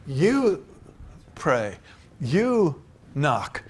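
A man's voice: on the high side, huge pitch swings, extremely slow, slightly rough. An older man preaching a sermon, telling stories and building to emphatic declarations. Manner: storytelling, rising to emphatic preaching.

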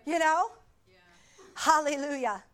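High-voiced woman preaching a sermon. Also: slow, a bit bright. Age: middle-aged. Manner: emphatic and repetitive, with asides to the congregation. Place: church before a congregation.

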